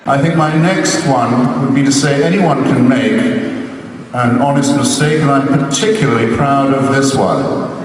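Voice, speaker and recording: A man's voice: mid-range voice, measured pace. A man giving a talk to an audience, wry and ironic, teasing the crowd. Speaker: public speaker. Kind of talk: lecture-hall talk with audience. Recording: echoey hall, mic far off, faint noise.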